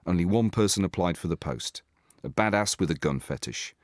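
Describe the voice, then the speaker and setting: A man's voice: deep voice, lively intonation, brisk, dry recording. An English man narrating his own story in a dry, self-deprecating, scripted way. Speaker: host and narrator.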